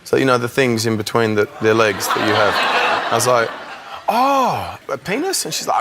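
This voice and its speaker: A man's voice: mid-range voice, very animated, normal speed, pauses often. A man telling an amused anecdote as a talk show guest. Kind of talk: comic anecdote. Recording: loud noise behind the voice.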